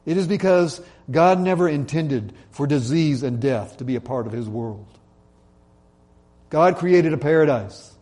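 A man preaching a sermon in an earnest way, slowing down and dropping his voice to stress key points. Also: a little high, lively intonation, a little mellow. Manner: earnest, slows and drops his voice for emphasis. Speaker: pastor.

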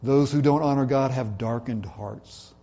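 A man preaching a sermon in an earnest way, slowing down and dropping his voice to stress key points. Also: medium pitch, warm tone. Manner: earnest, slows and drops his voice for emphasis. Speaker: pastor.

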